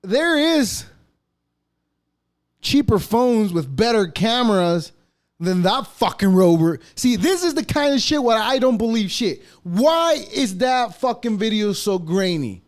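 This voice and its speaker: A man hosts his podcast with a loose, swearing, mocking rant. His voice sits high for a man and jumps all over the place as he gets worked up. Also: measured pace. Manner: profane, mocking, animated ranting with laughs. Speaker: podcast host. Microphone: podcast mic.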